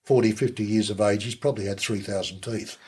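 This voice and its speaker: A man's voice: lowish voice, steady tone, quick pace, dark tone, slightly rough. A man, telling stories about crocodiles he kept, in an interview. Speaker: crocodile keeper guest. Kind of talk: interview storytelling.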